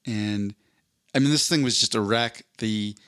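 A man's voice: on the low side, measured pace, fairly bright tone, no room sound, studio quality. A man co-hosting a podcast, telling a long casual story with lots of restarts and self-corrections. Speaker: podcast co-host. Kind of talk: casual chat.

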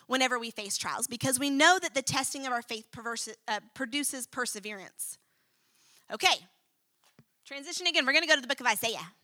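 A woman preacher delivering a sermon to students, expressive and emphatic, reading scripture dramatically. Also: sits high, no room sound.

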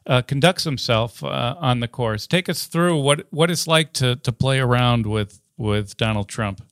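A man's voice: medium pitch, unhurried, fairly bright tone, no echo, studio quality. A man hosting an interview, asking long questions with restarts and fillers. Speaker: interview host.

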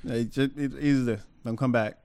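A man co-hosting a casual podcast, dropping short, low-key joking asides. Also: steady tone, fairly quick, darkish tone, clean tone. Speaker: podcast co-host.

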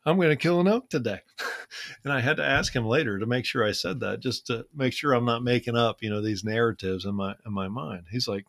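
A man's voice: medium pitch, brisk, creaky, few pauses, no echo. Man telling a story, dry close sound. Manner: relaxed, conversational, frequent "man" and "uh". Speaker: podcast co-host. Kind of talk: casual storytelling.

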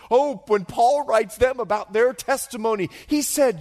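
A middle-aged male pastor preaching a sermon as an animated storyteller, dropping to a hush and then rising to loud, excited bursts. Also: very high-pitched, slow, hardly any pauses. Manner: animated storyteller, swings from hushed to shouting.

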